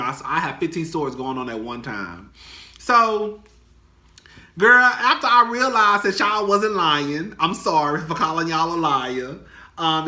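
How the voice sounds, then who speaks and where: A young man with a high-set, very bright voice gossips to his viewers in a casual vlog. He talks dramatically and profanely, calling everyone girl. The sound is echoey, as if recorded in a bare room. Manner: dramatic and chatty, swinging high and low. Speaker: vlogger.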